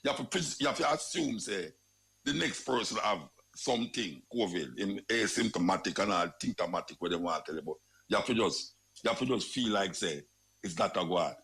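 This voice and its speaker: A man's voice: fairly low pitch, expressive, brisk, vocal fry, a bit bright. A man with a Jamaican accent, hosting a talk show and ranting about crime in casual, repetitive, emphatic commentary. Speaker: radio talk show host.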